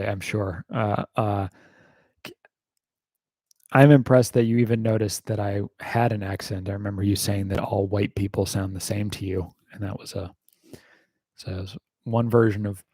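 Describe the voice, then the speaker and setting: A lowish American man drawls through a casual livestream Q&A at an unhurried pace. He rambles wryly, swears now and then, and leans on plenty of ums. The sound is close and dry. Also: steady tone, darkish tone, dry recording. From United States. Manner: rambling and wry, heavy on fillers, swears casually. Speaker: YouTuber hosting a livestream Q&A.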